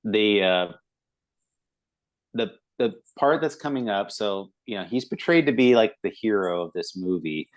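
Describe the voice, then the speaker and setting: A man's voice: lowish voice, lively intonation, a little slow, poor audio. A man co-hosting a movie review podcast, talking casually with many fillers and acting out quoted lines. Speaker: podcast co-host.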